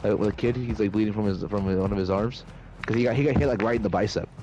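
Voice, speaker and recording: A man's voice: fairly low pitch, fast talker, background noise. A man streaming a shooter game, rambling through stories in a loose, profane way. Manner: rambling, profane storytelling with laughs. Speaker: gaming streamer. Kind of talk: casual chat while gaming. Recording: loud in-game gunfire behind.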